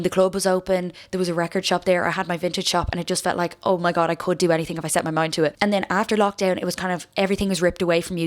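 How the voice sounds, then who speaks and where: A woman in her late twenties with an Irish accent, chatting casually in a vlog as she answers viewer questions, rambling, restarting and swearing freely. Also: fairly low pitch. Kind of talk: casual chat.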